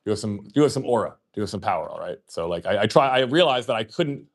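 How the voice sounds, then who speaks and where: Fast-talking low-voiced man rambling. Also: expressive, creaky. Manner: rapid rambling delivery full of fillers and swearing; acts out remembered conversations in his telling. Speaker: livestream host. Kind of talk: casual storytelling monologue.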